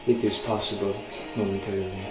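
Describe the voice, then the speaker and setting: Man doing a solemn, frail old crone timekeeper, slow and mournful, on an echoey, phone-like call with music under it. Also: low voice, flat delivery, natural voice. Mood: weary, solemn. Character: frail ancient woman timekeeper, weary and sorrowful. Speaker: game master. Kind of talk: voicing a character in a tabletop game.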